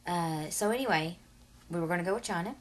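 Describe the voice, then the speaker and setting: Speaking at a quick pace in a voice on the low side, this woman in her 30s vlogs casually to her camera. She rambles on at length, full of fillers and asides.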